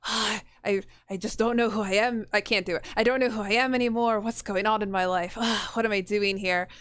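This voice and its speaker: A woman's voice: medium pitch, fairly even intonation, fairly quick, fairly bright tone, smooth, close to an everyday voice. A woman voicing a brooding young male vampire hunter in a put-on British accent, moping and self-pitying. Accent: attempted British.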